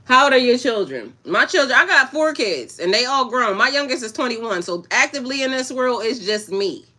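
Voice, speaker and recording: A woman in her forties talks casually to her livestream viewers as a spiritual coach. Her voice is bright and forceful. She is blunt, swears freely and breaks into laughter often. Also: medium pitch.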